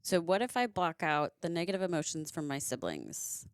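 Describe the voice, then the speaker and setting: A woman who has children, a coaching client reading her written answers aloud in a calm, measured way. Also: on the low side, no echo, clean studio sound. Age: young adult or middle-aged, has kids.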